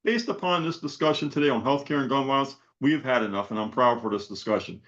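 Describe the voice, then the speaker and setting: A man's voice: mid-range voice, fast, hardly any pauses, fairly bright tone, highs cut off. A man hosting an online event, reciting a spoken poem with repeated rhetorical questions and urging action. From South Florida. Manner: repetitive rhetorical questions, preacher-like build. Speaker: event host. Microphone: video call.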